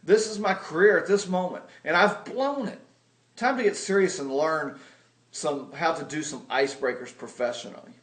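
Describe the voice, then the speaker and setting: A man's voice: fairly high pitch, echoey room. A man giving a humorous, self-deprecating sales lesson, telling stories with comic exaggeration. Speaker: video blogger teaching sales.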